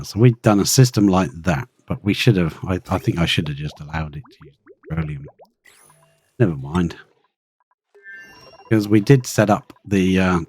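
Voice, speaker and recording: Low, dark-voiced man thinking aloud. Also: husky. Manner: thinking aloud, chatty, talks to in-game creatures. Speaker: streamer playing a colony-building game. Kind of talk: live gameplay commentary.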